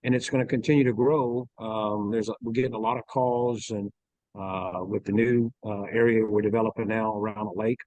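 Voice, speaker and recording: A middle-aged man with a Louisiana accent speaks slowly in a low voice. He halts and fills his pauses as he talks about his ranch. The sound is dry and close. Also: steady tone, a little mellow, dry recording, lo-fi sound. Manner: slow, halting, with many fillers. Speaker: golf ranch owner. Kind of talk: casual interview talk.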